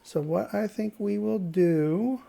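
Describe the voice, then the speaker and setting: A woman's voice: medium pitch, slow pace, gravelly, mellow. A woman hosting a casual let's play, chatting playfully and reading game dialogue aloud. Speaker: gaming channel host.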